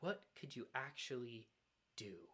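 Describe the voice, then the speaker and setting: A male minister voicing a lazy, coaxing alarm clock that whispers slowly during a sermon. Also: medium pitch, big pitch swings, breathy edge, pitched below the performer's own voice, exaggerated voice. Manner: hushed, slow and lulling.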